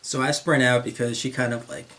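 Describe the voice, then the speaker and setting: A man's voice: medium pitch, steady tone, brisk, a bit bright. Young man from northern New Jersey rambling. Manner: stumbling, repeats words, laughs to himself. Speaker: vlogger. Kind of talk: rambling storytelling monologue.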